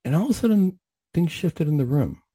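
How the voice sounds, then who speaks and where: A man's voice: a little high, sing-song, brisk, dark tone, slightly rough, dry recording. A man, a mental health clinician, telling a story on the radio in an earnest, reflective way with frequent restarts.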